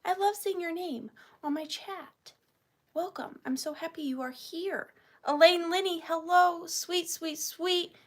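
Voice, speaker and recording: A woman's voice: very high voice, steady tone, measured pace. A young woman from Georgia, hosting a live online vintage sale and greeting viewers by name in a bubbly, playful way.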